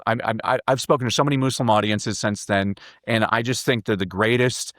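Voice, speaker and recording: A man with a fairly low voice tells animated stories as a podcast guest. He gets excited, repeats his opening words and acts out quotes. The sound is dry and close to the mic. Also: fairly quick, hardly any pauses, no echo. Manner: enthusiastic, repeats words when starting sentences, acts out quotes. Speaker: guest, speaker and professor.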